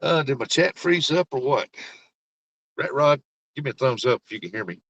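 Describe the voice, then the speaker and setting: A man's voice: medium pitch, lively intonation, moderate pace, a bit bright, no room sound, low-quality recording. An older man, chatting casually on a livestream while he drives on icy roads, teasing his passengers and talking to his chat. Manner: folksy, rambling, teasing, talks to chat and passengers. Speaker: livestream host. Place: inside a car on icy roads.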